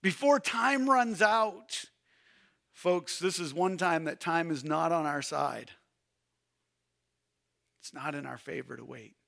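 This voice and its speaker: A man preaching a sermon as pastor, swinging from shouted urging to hushed, quiet pleading. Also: fairly high pitch, takes it slowly, creaky, pauses often.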